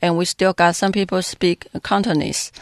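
A dubbing director answers interview questions slowly and haltingly, filling gaps with hesitations. The voice has a gravelly edge at a middle pitch. The sound is dry and close, with little room in it. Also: level tone, no room sound. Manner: hesitant, halting with many fillers.

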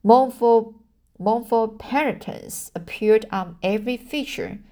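A woman's voice: on the high side, a little slow, warm tone. A woman reading a novel aloud, often stumbling over words and restarting lines. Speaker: audiobook reader. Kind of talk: amateur audiobook narration.

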